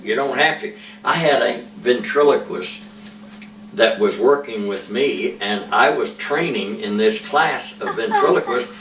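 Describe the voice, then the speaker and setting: A man, a preacher, giving an informal ventriloquism lesson with slow, patient, drawn-out demonstrations. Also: medium pitch, expressive, noisy background. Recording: echoey room, mic far off.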